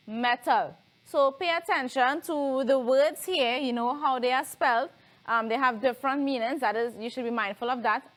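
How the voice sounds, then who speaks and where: A woman's voice: on the high side, fairly bright tone. A woman teaching a televised lesson, explaining patiently and often checking in with tag questions.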